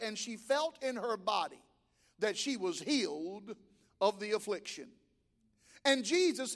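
A male pastor preaching a sermon in a church, emphatic, with sudden rises and drops in pitch and volume. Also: fairly bright tone, big-room sound. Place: church sanctuary.

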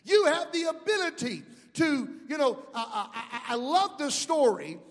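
A middle-aged male pastor preaching a sermon, calling out to the congregation and rising into shouts. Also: very high voice, sing-song, normal speed, long reverb tail. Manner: preaching with call-outs to the congregation.

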